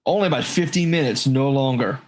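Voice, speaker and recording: A man in his thirties chatting casually, an animated storyteller who swears freely. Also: medium pitch, brisk. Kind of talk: casual chat.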